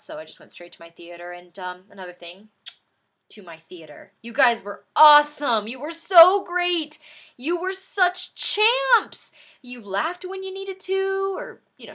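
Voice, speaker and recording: A young woman vlogging an excited movie reaction, gushing and animated, with sudden high outbursts.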